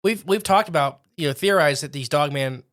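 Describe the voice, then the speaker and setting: Bright-voiced joking podcast host. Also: male voice, on the high side. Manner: joking, quick reactions and theorizing. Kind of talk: casual podcast chat.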